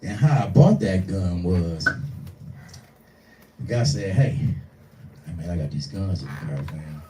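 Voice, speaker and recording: A man in his forties doing live stand-up, telling a profane, animated story and acting out the voices in it. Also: low voice, slow, a little hiss or hum. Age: 40s. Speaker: stand-up comedian. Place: small live venue. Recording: echoey room, distant mic.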